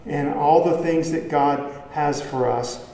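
A preacher in an echoey church hall. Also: male voice, fairly high pitch, slow, gravelly, warm tone. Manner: conversational, asks the congregation rhetorical questions. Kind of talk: sermon. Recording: echoey hall with long reverb, faint ambience.

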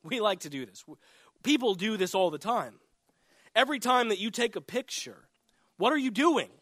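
A man's voice: animated, moderate pace, fairly bright tone, no echo. A man in his thirties preaching a sermon as a pastor, earnest and building in emphasis as he makes his points. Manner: earnest, rises in pitch and volume for emphasis.

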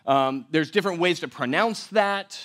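A man preaching a verse-by-verse sermon in a conversational way, with joking asides and big swings between loud and quiet. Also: fairly high pitch, normal speed. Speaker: pastor.

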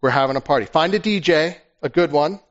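A preacher voicing a joyful, generous father giving brisk, excited orders for a feast. His voice sits somewhat high, and the recording sounds dull and lo-fi. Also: close to an everyday voice. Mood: exuberant.

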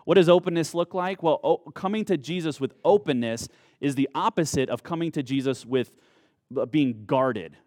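A man's voice: on the high side, expressive, a little mellow, no echo. Earnest male preacher, dry sound. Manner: earnest preaching, slow emphatic phrases. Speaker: pastor. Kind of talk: sermon.

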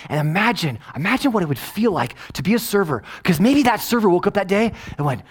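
This middle-aged pastor's voice is a little high and fast. His sermon is casual and conversational, animated and rambling, frequently punctuated by "right?" as he moves between loud emphasis and quiet asides.

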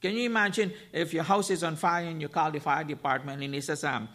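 Briskly and with hardly a pause, a male guest preacher delivers an emphatic sermon in a high, bright, forceful voice. His intonation stays fairly even as he repeats phrases and fires rhetorical questions at the congregation.

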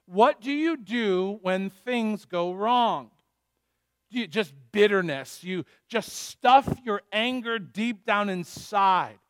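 A pastor delivers a sermon in a high, measured voice. He talks slowly and earnestly, firing pointed questions at his listeners. The sound is dry and close, with no room echo. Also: expressive, a bit bright.

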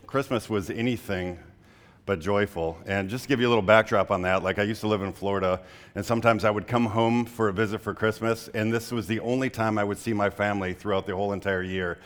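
A young man preaches in a loose, conversational sermon style, telling stories as he goes. His voice sits a little low, and he keeps dropping in casual fillers as he talks to the congregation. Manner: conversational, frequent "like" fillers, storytelling. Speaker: pastor.

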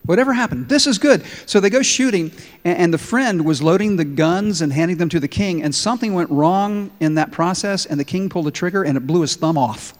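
A man preaching a sermon with emphasis, telling stories as he goes. His voice sits a little high for a man. His words trail off into a long hall reverb. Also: fairly quick. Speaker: pastor.

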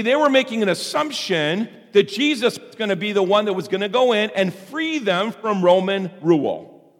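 High-voiced man preaching in a hall. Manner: conversational, with fillers and restarts. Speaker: pastor. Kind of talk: sermon. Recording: long hall reverb.

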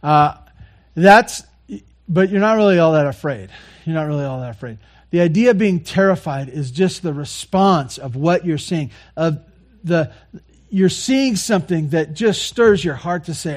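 A man preaching a sermon, earnestly repeating key phrases and moving between quiet, soft lines and louder passages. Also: on the high side, lively intonation, a little slow. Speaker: pastor.

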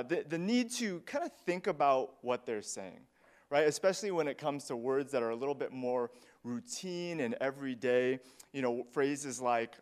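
A man's voice: mid-range voice, a little mellow. Earnest conversational male pastor. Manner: conversational, earnest, frequent "you know" and "right?". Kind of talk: sermon.

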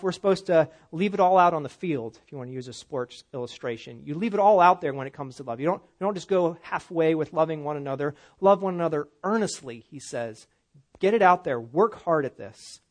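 A middle-aged pastor delivers his sermon in a voice that sits a little high for a man. He preaches in a conversational way and keeps checking in with his listeners. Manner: conversational preaching, frequent "all right?" and "right?" check-ins.

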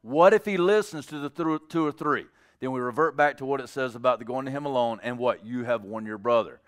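A man preaching a sermon in a church, conversational and animated, acting out little dialogues with the congregation. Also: medium pitch, brisk, smooth. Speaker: pastor.

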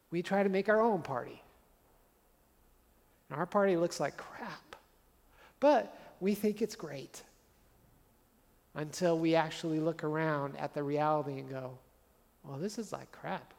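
A man's voice: on the high side, a little mellow, in a large hall. A man preaching a sermon as a pastor, conversational and earnest, driving points home with repeated phrases.

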